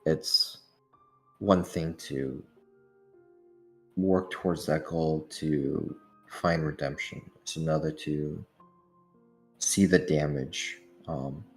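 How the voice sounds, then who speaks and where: A man's voice: very deep voice, fairly even intonation, slow, long pauses, faint music behind. A man playing in a tabletop game, describing his character hesitantly with many fillers. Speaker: player.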